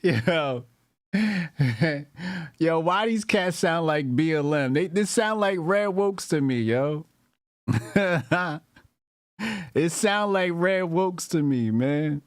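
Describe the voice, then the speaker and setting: Slow, mocking man with dry sound. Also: a little high, expressive, no echo. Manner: mocking, laughs often, slow drawn-out delivery. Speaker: commentary streamer. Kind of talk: laughing reaction commentary.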